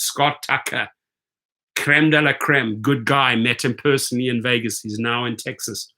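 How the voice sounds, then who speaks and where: A man hosting a video, reading viewer comments aloud and reacting in a blunt, animated, emphatic way with some profanity. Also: medium pitch, normal speed. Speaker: host.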